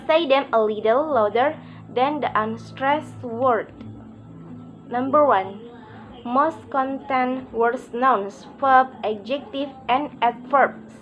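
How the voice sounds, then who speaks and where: High-voiced woman reading a lesson slowly. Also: a bit bright, highs cut off. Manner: halting, reads word by word with pauses. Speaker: presenter of a pronunciation lesson.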